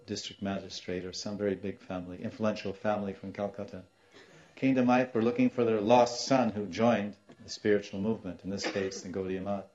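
Man, sermon storytelling, animated, acts out voices, low pitch, dull lo-fi sound. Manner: animated, acts out quoted voices, laughs now and then. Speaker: spiritual teacher.

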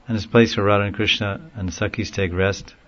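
A man telling a long story in a casual, rambling way, often laughing and getting animated when he quotes people. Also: lowish voice, a little fast, lo-fi sound, a little hiss or hum. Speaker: speaker recounting a story in a class. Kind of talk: informal storytelling talk.

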